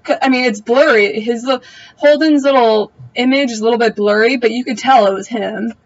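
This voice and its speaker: A woman's voice: a little high, a little fast, highs cut off. Chatty young woman recapping a show. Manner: chatty, opinionated, slangy, trails off with asides. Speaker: TV recap vlogger. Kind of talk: casual episode recap.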